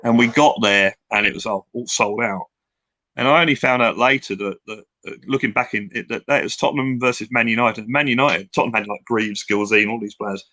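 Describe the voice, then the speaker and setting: A man's voice: fairly low pitch, a little fast, sharp tone, no room sound. An older man from England, a guest telling long, rambling stories with many restarts in a casual interview. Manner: rambling, reminiscing with restarts and acted-out quotes.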